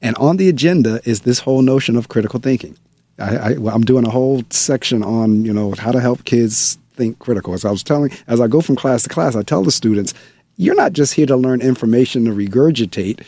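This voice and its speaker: A man hosting a conversational interview, speaking as a school principal. His voice is mellow and dry, recorded close with little room sound. He tells stories with animated emphasis and repeats phrases to drive a point home. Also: medium pitch, a little fast, no room sound.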